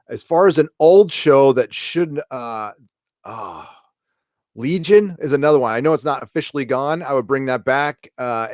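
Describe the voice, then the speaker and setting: A middle-aged man hosts a casual live stream, thinking aloud and correcting himself as he goes. His voice sits at an ordinary pitch. The sound is dry and close, with no room around it. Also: no echo. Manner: rambling, self-correcting, opinionated. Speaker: live stream host reading chat questions.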